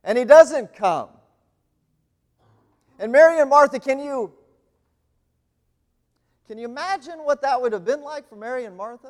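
A man giving a sermon as a guest speaker, swinging between loud pleading and hushed, near-whispered lines. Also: very high-pitched. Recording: long hall reverb.

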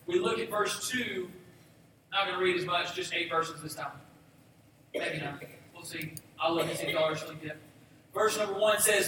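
A male pastor reading scripture aloud and preaching a sermon, with relaxed, joking asides to his congregation. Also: sits high, normal speed, long pauses, slight background noise. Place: church sanctuary. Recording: echoey hall, mic at a distance.

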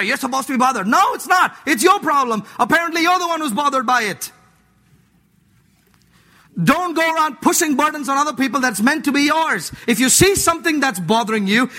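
A man preaching a sermon as a pastor, emphatic, jumping from loud urging to low asides, in a church. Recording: long hall reverb.

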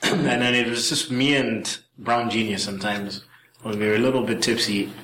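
A man's voice: fairly low pitch, fairly even intonation, moderate pace, noisy background. A man telling a casual, rambling story as a podcast guest, swearing freely and acting out the lines of people in it. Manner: rambling, profane, acts out quoted dialogue. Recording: roomy room sound.

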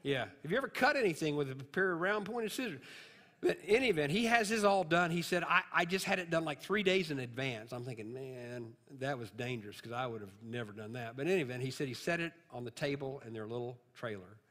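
A man's voice: medium pitch, fast, fairly bright tone. Man preaching in a reverberant hall. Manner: storytelling, rising to emphatic peaks. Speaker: pastor. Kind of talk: sermon.

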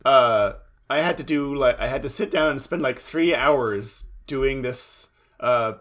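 Man, podcast co-host, mid pitch, wry and laughing, casual recap. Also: a little slow, fairly bright tone. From Pacific Northwest, US. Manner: wry, laughs often, quotes lines.

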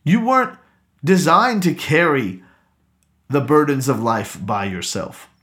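A man's voice: a little high, expressive, slow, a bit bright. A man preaching a sermon as pastor, earnest and exhorting, repeating key phrases for emphasis.

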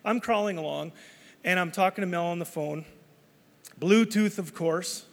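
Male pastor, slightly high voice, chatty storytelling sermon, hall echo. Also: moderate pace, creaky. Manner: storytelling, conversational, many restarts.

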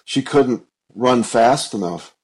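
A man's voice: mid-range voice, lively intonation, takes it slowly, low-quality recording. A man co-hosting a podcast, talking thoughtfully and hesitantly about old films. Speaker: podcast co-host. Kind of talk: casual chat.

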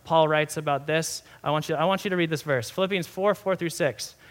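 A young man, a pastor, giving a sermon in a conversational, animated way with many asides. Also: a little high, brisk.

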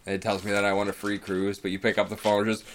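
A man's voice: on the low side, completely flat delivery, racing, a crowd in the background. A man joking around in casual chat as a podcast co-host and laughing often.

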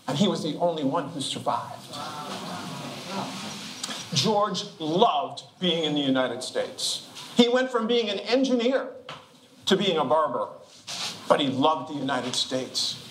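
An older man delivers a relaxed, joking sermon and laughs easily between phrases. His voice sits high. The church around him rings with echo, and a steady hum of noise runs underneath. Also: a little slow, long pauses. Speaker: guest preacher. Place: church sanctuary. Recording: echoey room with background noise.

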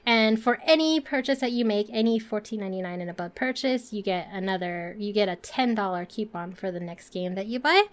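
A woman's voice: mid-range voice, brisk, few pauses. A woman co-hosting a casual gaming podcast stream, chatty and laughing often. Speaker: podcast co-host. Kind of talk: casual chat.

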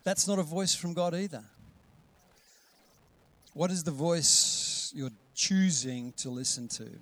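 A pastor preaches in an easy, conversational way. His voice sits a little high for a man. He acts out the voices he quotes and sinks to a hush for gentle lines. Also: takes it slowly. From Australia. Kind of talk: sermon.

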